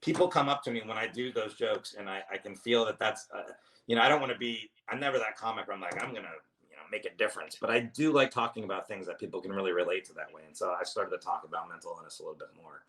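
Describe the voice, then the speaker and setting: A fast-talking comedian guest with a lowish, fairly bright voice rambles through stories in casual chat. He frequently interrupts himself, restarts, and swears freely.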